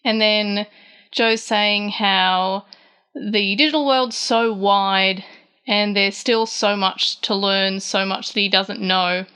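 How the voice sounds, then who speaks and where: A woman's voice: mid-range voice, fairly even intonation, slow, sharp tone, smooth. A woman hosting a casual recap show, retelling scenes in a chatty way and lifting her voice for the quoted lines. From Australia. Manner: frequent fillers and restarts, chatty. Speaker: podcast host recapping a manga chapter.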